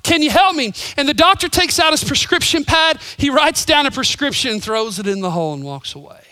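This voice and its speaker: A male pastor preaching a sermon, telling stories and swinging from loud emphasis to hushed whispers. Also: extremely high pitch, a little fast, no room sound. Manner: storytelling with voices.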